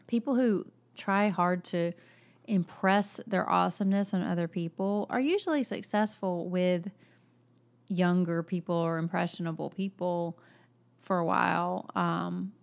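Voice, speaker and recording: Low, gravelly woman talking thoughtfully. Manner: thoughtful, measured, occasional fillers. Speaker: podcast co-host. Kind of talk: casual book discussion.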